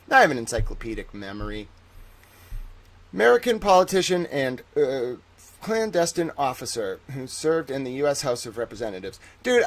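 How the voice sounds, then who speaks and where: Animated man ranting on a live stream. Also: medium pitch. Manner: excitable, profane, mock-outraged ranting. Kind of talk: live-stream commentary while reading online.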